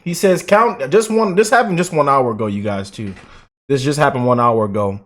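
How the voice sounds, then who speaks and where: A man hosting casual political reaction commentary, talking in an animated, mocking, slangy way with repeated words. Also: mid-range voice, a little fast.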